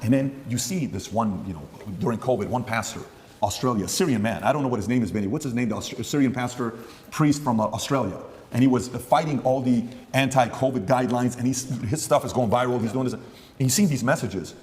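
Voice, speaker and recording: A man hosting a podcast, telling quick stories and acting out the conversations he quotes. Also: mid-range voice, a little mellow, in a large hall. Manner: rapid storytelling, acting out quoted exchanges. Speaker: podcast host. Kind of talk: casual interview talk.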